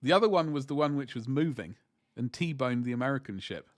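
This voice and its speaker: A man's voice: mid-range voice, animated, fairly quick. A man chatting casually to viewers on a livestream as he paints miniatures, rambling and joking in asides.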